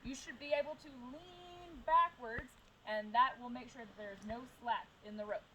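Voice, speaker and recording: A woman's voice: on the high side, normal speed, pushed and bright, slight background noise, poor audio. A woman instructing a group outdoors on belaying, explaining things plainly and step by step. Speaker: climbing instructor. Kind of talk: outdoor safety demonstration.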